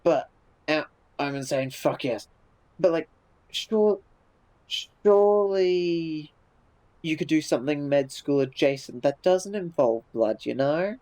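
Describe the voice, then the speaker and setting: A man's voice: a little high, expressive, measured pace, darkish tone, poor audio. A man streaming live, chatting casually and reacting to viewer messages in a laid-back way, swearing freely and restarting his sentences.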